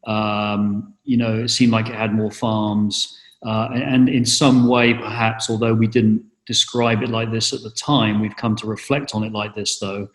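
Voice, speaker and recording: Low, flat-voiced English man, echoey room. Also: unhurried. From England. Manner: hesitant, many fillers and restarts. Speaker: interviewee. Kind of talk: casual interview. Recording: roomy echo.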